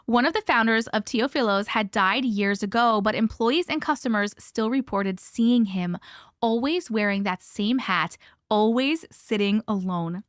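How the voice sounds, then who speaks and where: A woman hosting a casual live stream, chatting with viewers and reading stories aloud with hushed dramatic pauses. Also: a little high, no room sound, clean studio sound.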